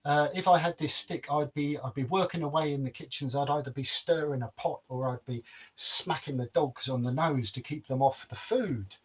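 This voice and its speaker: A man's voice: fairly high pitch, moderate pace, breathy edge. A storyteller man voicing an eager, stammering little seven-year-old servant boy.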